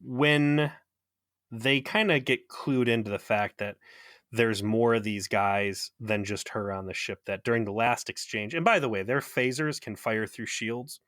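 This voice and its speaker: A male podcast co-host retells an episode with sarcasm and plenty of swearing. His voice sits at a middling pitch and is recorded dry and close. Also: measured pace, no room sound. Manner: sarcastic, profane, animated retelling. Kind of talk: casual recap chat.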